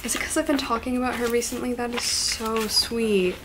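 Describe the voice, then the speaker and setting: A woman chatting casually at home as a booktube vlogger, gushing and excitable, with gasps and soft asides. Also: a little high, a little fast, noisy background. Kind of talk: casual unboxing chat.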